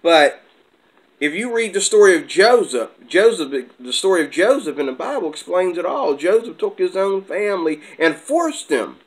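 Guy ranting on his channel, kinda high voice, fired up and argumentative. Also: very animated, normal speed, poor audio. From America. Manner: agitated, combative, jumps between topics. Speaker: channel host. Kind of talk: heated vlog rant.

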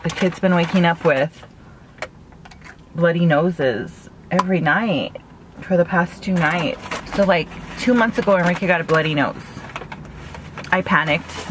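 Chatty woman vlogger, low-ish voice, phone-recorded in a parked car, faint background noise. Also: a little slow. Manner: chatty, laughs at own jokes, full of "like". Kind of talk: casual mukbang chat.

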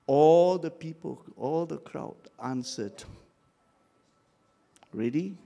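A fairly high, gravelly voice belongs to an older pastor who preaches slowly and dramatically. He gets the congregation shouting back to him in call-and-response.

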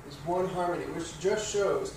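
A man's voice: on the high side, normal speed, noisy background. A man teaching piano, explaining rhythm patiently and counting beats aloud. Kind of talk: instructional music lesson. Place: piano studio. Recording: roomy studio, distant mic, piano playing.

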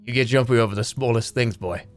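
A man voicing a scheming, mocking middle-aged male knight in a text adventure game, with a low, gruff and condescending manner. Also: quick pace, soft background music, close to an everyday voice. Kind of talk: reading a text adventure aloud.

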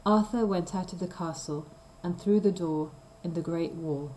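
A woman reading a simple story aloud for language learners, slow and clear. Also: lowish voice, dark tone, faint music behind, poor audio. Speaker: reader of a graded story. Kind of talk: scripted storybook narration for learners.

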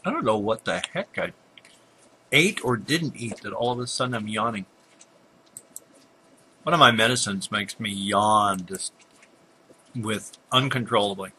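A man's voice: fairly low pitch, unhurried, pauses often, bright, forceful tone, a little hiss or hum. An older man casually talking through a computer game, muttering at monsters and apologizing for his yawns. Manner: chatty, muttering at enemies, frequent yawns and apologies. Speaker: gameplay commentator.

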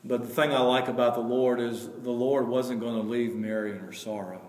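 A man preaches a sermon at a mid-range pitch, his voice ringing through a roomy hall with a long, lingering tail. He moves from quiet, drawn-out lines to loud, emphatic surges and takes his time over scripture readings. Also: steady tone. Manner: swings between hushed, slow passages and loud, emphatic rises; reads scripture slowly and deliberately. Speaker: pastor. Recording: echoey hall with long reverb.

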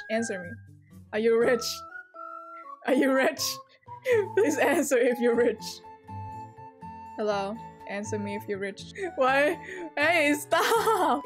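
A young woman vlogger giving playful, giggly game commentary with dramatic outbursts. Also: a little high. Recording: loud background music. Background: loud music.

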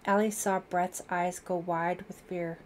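A woman narrating a thriller audiobook in a measured, dramatic reading. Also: on the low side, level tone, slight background noise.

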